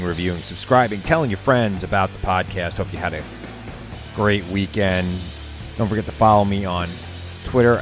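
A middle-aged man hosting his podcast in a rambling casual chat, often stumbling and restarting. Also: sits low. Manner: rambling, self-interrupting, stammers on restarts. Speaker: podcast host.

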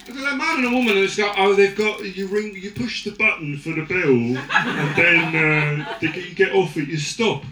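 A man's voice: high-pitched, normal speed. An Irish man doing a stand-up comedy set, rambling and crude as he works the crowd. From Ireland. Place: comedy venue in front of a crowd. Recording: echoey live room, loud noise, distant mic.

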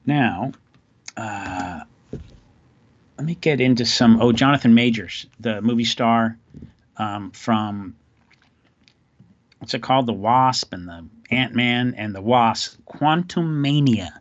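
A man's voice: medium pitch, slow pace, long pauses, no echo, lo-fi sound. A man hosting a podcast, telling stories in a loose, rambling, wry way. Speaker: podcast host. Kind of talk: casual chat.

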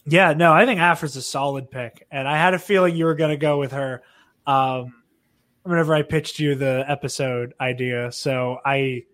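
A man's voice: on the high side, fairly bright tone, no echo. A man hosting a podcast, chatting casually with enthusiasm, lots of fillers and the odd swear for emphasis. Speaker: podcast host. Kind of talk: casual chat.

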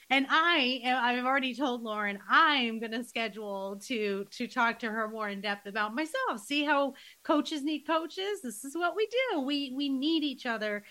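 A woman's voice: fairly high pitch, moderate pace, sharp tone. A middle-aged woman hosting a podcast, chatting casually with her guest and affirming what she hears. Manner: enthusiastic, affirming interjections. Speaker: podcast host and coach. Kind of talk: casual interview conversation.

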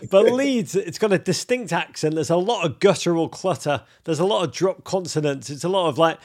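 A man's voice: high-pitched, brisk, darkish tone. A man hosting a podcast interview in a jokey, theatrical way. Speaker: podcast host. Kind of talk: playful interview.

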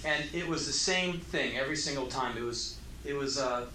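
A man telling spoken word stories, animated, bursting into shouted impressions and mock laughs. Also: mid-range voice, moderate pace, a little hiss or hum. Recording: roomy echo.

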